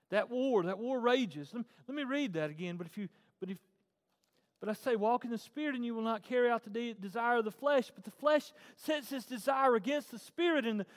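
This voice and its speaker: A man preaching a sermon as pastor, swinging from hushed, tender passages to loud, fervent ones. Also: extremely high pitch. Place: church. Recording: long hall reverb.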